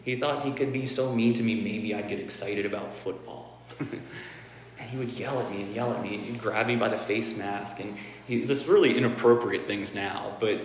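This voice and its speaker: A man's voice: lowish voice, a little hiss or hum. Candid man in an echoey hall. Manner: candid, swears freely, repeats phrases for emphasis. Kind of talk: casual dharma talk. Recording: echoey hall with faint ambience.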